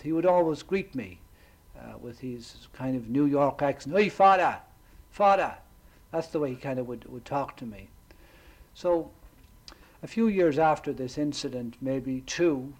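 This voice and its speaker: A priest in middle age preaches at an unhurried, deliberate pace, his voice pitched in an ordinary middle register. He tells his story reflectively, pausing often between phrases. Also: a little mellow, rough recording. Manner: measured, reflective storytelling with pauses. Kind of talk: storytelling sermon.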